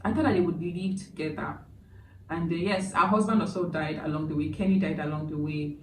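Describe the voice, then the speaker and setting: A chatty woman talks through a movie review, emotional and full of asides. Her voice sits low and sounds some way off from the mic. The room is echoey, with steady noise underneath. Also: fairly quick, distant mic. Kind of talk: casual spoken review.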